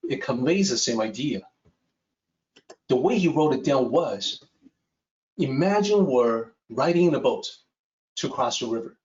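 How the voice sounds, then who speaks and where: Slow-spoken male storyteller, echoey room. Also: medium pitch, recorded from a distance. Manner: slow, measured, with lively rises and falls. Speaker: teacher of Taoist texts. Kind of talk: storytelling lecture. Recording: echoey room, dull sound.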